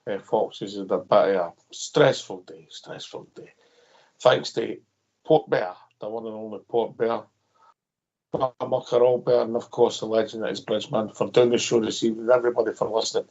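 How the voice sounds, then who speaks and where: A man's voice: on the low side, fairly even intonation, brisk, creaky, darkish tone. A Scottish man hosting a football phone-in radio show, easygoing and friendly, thanking callers and crew. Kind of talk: casual football phone-in chat. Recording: dull lo-fi audio.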